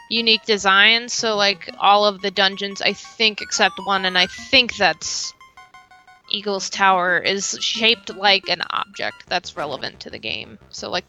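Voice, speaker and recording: A woman's voice: mid-range voice, pushed and bright, poor audio. A woman as guest co-host on a game stream, chatting casually and hesitantly, with lots of ums. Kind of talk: casual gameplay chat.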